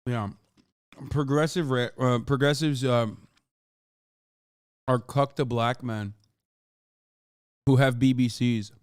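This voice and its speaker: A man's voice: medium pitch, fairly even intonation, slow pace, pauses often, clean tone, dry recording, studio quality. A young man streaming, reacting to clips with sarcastic, profane commentary and bursts of laughter. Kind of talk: casual livestream commentary.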